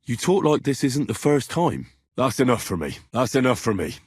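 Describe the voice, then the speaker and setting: Hot-tempered young medieval blacksmith's son for a game; husky, dry studio read. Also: male voice, mid-range voice, big pitch swings, normal speed, no echo. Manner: swears in anger, blunt and wry. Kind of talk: video game voice lines.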